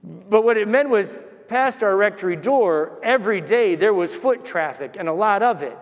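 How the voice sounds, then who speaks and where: Priest, high voice, storytelling sermon, acts out quoted voices, long church echo. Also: male voice. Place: large church.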